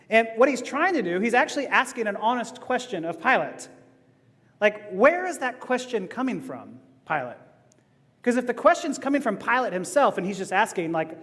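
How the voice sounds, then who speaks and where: A man preaching a sermon as pastor, animated and laughing as he goes. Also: high-pitched, in a large hall. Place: church sanctuary.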